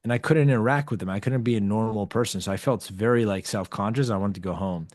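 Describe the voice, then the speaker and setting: A man's voice: on the low side, fast, no echo. Dry close-miked man telling a story. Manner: animated storyteller who acts out quoted dialogue, frequent "like" fillers. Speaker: podcast guest. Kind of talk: casual storytelling conversation.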